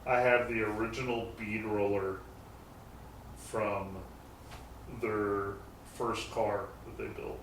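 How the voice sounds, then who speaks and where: A man's voice: fairly low pitch, level tone, takes it slowly, long pauses, fairly bright tone, distant mic. A man tells loose, meandering stories about his shop, dropping the occasional curse word. He sits some way from the mic in a roomy garage that echoes noticeably, and a faint noise hums underneath. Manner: rambling anecdotes with mild swearing. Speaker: guest, garage shop owner. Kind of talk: casual storytelling chat.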